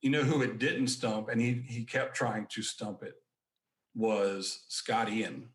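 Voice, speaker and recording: A man's voice: fairly low pitch, takes it slowly, reverberant. A man, a podcast guest, casually telling rambling anecdotes and acting out the quotes. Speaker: podcast guest, book collector. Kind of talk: casual storytelling.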